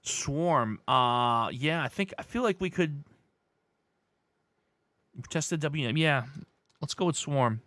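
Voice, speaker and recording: Hoarse, excitable man hosting a live word game. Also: on the high side, slow, long pauses, no room sound. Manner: animated, excitable, shouts "No!" at wrong guesses. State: hoarse, voice worn out. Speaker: livestream host. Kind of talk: live word game stream, reading chat guesses.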